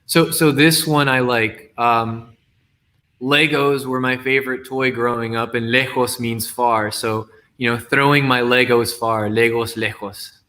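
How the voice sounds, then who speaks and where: A man, a guest poet in a casual call, explaining his wordplay carefully and reading slowly. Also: mid-range voice, fairly even intonation, sharp tone. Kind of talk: casual video-call conversation.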